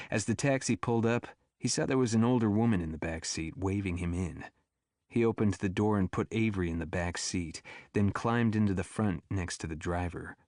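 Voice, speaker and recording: A man narrating an audiobook thriller in a steady, even storytelling manner. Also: fairly low pitch, no echo, clean studio sound. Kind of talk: scripted narration.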